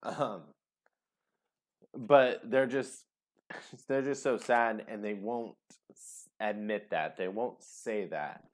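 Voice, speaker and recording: A man giving a casual tarot reading to camera, chatty and expressive, who gets caught up in his feelings. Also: on the low side, slow pace, pauses often. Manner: expressive, chatty, gets emotional, many ums. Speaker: tarot reader.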